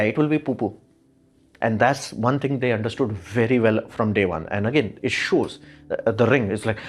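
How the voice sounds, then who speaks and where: A man hosting a tech show, talking casually about gadgets with a chatty, wry manner and lots of fillers. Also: medium pitch.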